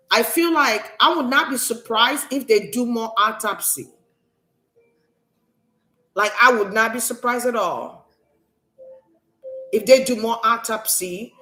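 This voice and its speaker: Indignant, preachy woman psychic with a bright voice. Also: on the high side, rough recording. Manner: preachy and indignant, with sudden drops to a soft murmur. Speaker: psychic reader. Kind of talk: emphatic, defiant monologue to viewers.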